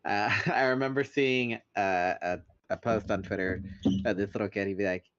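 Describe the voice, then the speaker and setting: A man's voice: on the low side, steady tone, moderate pace, fairly bright tone, no room sound, lo-fi sound. A man chatting as a podcast guest, rambling loosely and laughing mid-sentence. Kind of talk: casual chat.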